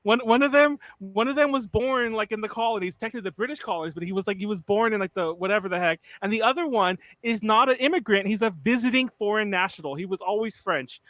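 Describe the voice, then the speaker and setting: A young man co-hosting a casual group chat, arguing his point emphatically with quick restarts. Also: high voice, a bit bright, no room sound. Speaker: podcast co-host.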